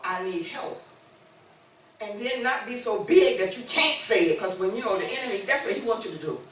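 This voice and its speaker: A woman's voice: mid-range voice, lively intonation, quick pace. A woman in her sixties preaching a sermon with call-and-response, moving between conversational talk and emphatic declarations. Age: 60s. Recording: echoey church room, mic far off.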